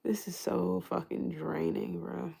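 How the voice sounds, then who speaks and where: A woman's voice: on the low side, steady tone, measured pace, gravelly, warm tone, husky. A woman giving a casual tarot reading who thinks aloud, restarts her sentences, swears freely and laughs often. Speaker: tarot reader.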